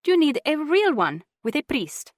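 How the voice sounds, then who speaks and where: A woman's voice: high voice, big pitch swings, unhurried, no room sound, studio quality, voice pushed up. A woman narrator voicing a bossy older aunt who lectures bluntly and insists on getting her way. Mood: insistent.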